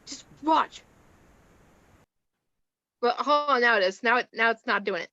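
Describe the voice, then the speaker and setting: A chatty woman sharing random facts in a casual chat, her voice pitched a little high. The sound is dry, close and muffled. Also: measured pace, bright, forceful tone, dry recording. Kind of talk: casual late-night chat.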